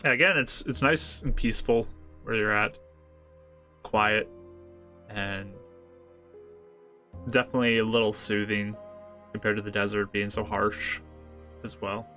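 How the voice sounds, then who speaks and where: A man narrating as game master of a tabletop game, in a relaxed, easygoing way. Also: on the low side, unhurried, long pauses, soft background music.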